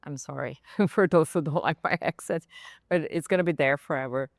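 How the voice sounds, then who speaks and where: A woman's voice: deep voice, brisk, gravelly, dry recording, clean studio sound. A woman with a Brazilian accent, a podcast guest speaking frankly and with laughter in a casual roundtable chat. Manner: frank, laughing, animated storytelling.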